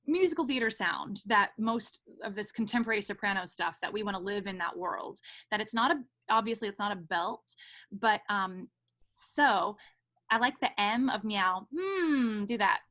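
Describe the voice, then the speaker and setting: Casual: lady voice teacher on a video call, bright voice, sings little meow demos. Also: mid-range voice, moderate pace. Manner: demonstrates by singing meows. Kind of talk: online voice lesson.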